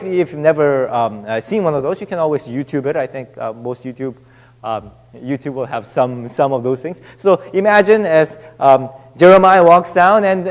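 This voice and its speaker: High-voiced man preaching in a reverberant hall. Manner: halting, many restarts and fillers, drops to a hush on scripture. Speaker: pastor. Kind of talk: sermon. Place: church sanctuary.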